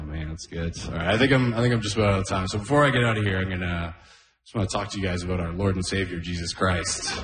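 A man's voice: on the low side, roomy sound. A man from Canada performing a stand-up comedy set, laughing at his own jokes and often saying "oh, man".

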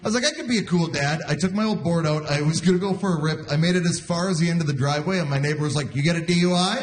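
A man's voice: a little high, rapid-fire, noisy background. A man in his forties performing a stand-up comedy set with a wry, self-deprecating delivery, often slipping into goofy voices. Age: 40s. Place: live comedy club with audience laughter. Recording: stage mic with crowd laughter. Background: audience laughing.

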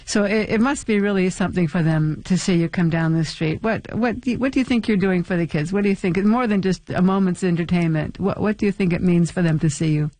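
A man's voice: high-pitched, brisk, few pauses, darkish tone, dry recording. A man hosting a radio interview, asking friendly, curious questions. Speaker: radio host.

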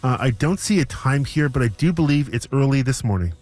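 A man hosting a morning radio show, relaxed and chatty with a co-host. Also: medium pitch, fairly quick. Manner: easygoing, lightly chatty. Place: radio studio. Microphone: studio microphone.

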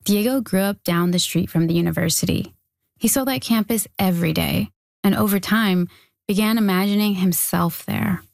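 A woman's voice: mid-range voice, moderate pace, vocal fry, no echo. Woman narrating a news feature. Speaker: reporter.

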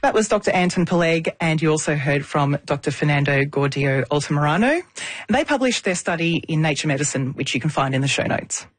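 A woman presenting a radio health show, with a slightly low, husky voice recorded close and dry. She is quick to joke and keeps an easygoing energy with her co-hosts. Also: no room sound. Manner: lively, jokey.

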